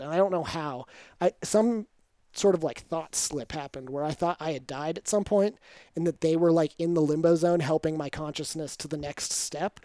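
A man's voice: fairly high pitch, dry recording. A young man casually telling a story on a podcast, acting out quotes with swearing. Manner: animated, acts out quotes with swearing.

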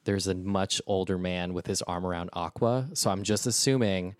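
Male co-host, low voice, wry and curious, dry sound. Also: steady tone, moderate pace, smooth, no room sound. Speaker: podcast co-host. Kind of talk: casual chat.

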